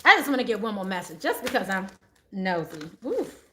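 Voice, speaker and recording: A middle-aged woman giving live tarot advice, animated and exclaiming, often repeating her phrases. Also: mid-range voice, brisk. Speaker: tarot reader.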